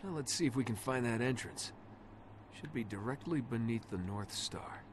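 An actor voicing a young male adventurer in a video game, giving steady, matter-of-fact hints about a puzzle. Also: medium pitch, normal speed, background noise, lightly acted.

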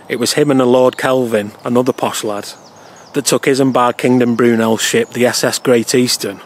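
Casual male vlogger, mid-pitched, dry humour, light outdoor noise. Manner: jokey, conversational, wry asides. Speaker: cycling vlogger. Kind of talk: chatty local-history vlog.

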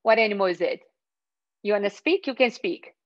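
A woman's voice: mid-range voice, lively intonation, brisk, lo-fi sound. A young woman teaching a children's yoga class in a playful, sing-song way, calling out poses and animal sounds.

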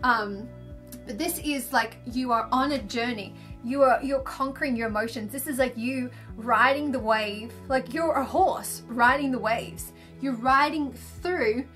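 A woman's voice: fairly high pitch, unhurried, fairly bright tone, soft background music. A woman doing a casual, gushing livestream card reading, chatty and full of fillers. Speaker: tarot and angel card reader. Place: indoors under filming lights.

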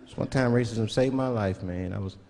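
A man's voice: on the low side, a little fast, gravelly, long reverb tail. A man performing a stand-up comedy routine on stage, slipping into mock voices as he tells stories. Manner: animated, switches into mock voices. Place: comedy stage before a live audience. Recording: live show with crowd and noise.

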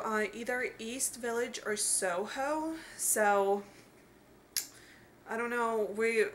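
A young woman with a Russian accent, rambling casually with many fillers as she vlogs around a city on a handheld camera. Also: mid-range voice. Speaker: vlogger. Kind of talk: casual travel vlog narration. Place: around a city, indoors and outdoors. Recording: loud street and traffic noise.

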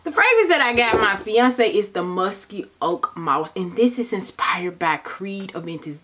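A woman's voice: on the low side, a bit bright. A young woman talking casually to her viewers in a haul vlog. She sounds tired and chatty, and she calls her viewers "baby" and "child". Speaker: vlogger.

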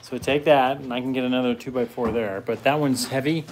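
A man's voice: mid-range voice, steady tone, fairly quick, slight background noise, poor audio. A man in casual chat, giving practical instructions while setting up a puppy pen.

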